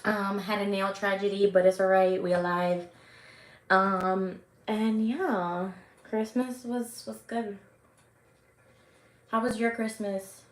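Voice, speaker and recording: Woman in her forties, animated storyteller, swears a lot, laughs often, roomy echo. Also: mid-range voice, takes it slowly, long pauses. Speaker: livestream host. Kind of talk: casual storytelling chat.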